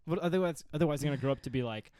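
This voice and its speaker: A man's voice: fairly high pitch, no room sound. A young man co-hosting a podcast in casual, irreverent banter through a close microphone. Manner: quick banter, irreverent, lively delivery. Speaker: podcast co-host. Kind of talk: casual joking chat.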